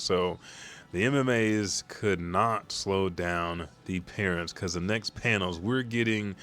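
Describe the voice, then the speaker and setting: A man's voice: low-pitched, takes it slowly, fairly bright tone. A man hosting a live comic reaction stream, talking casually with profane, laughing asides. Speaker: host.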